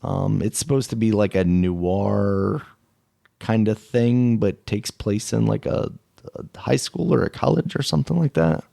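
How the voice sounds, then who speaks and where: A man hosting a podcast in casual chat, relaxed and laughing often. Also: fairly low pitch, measured pace, creaky. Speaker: podcast host.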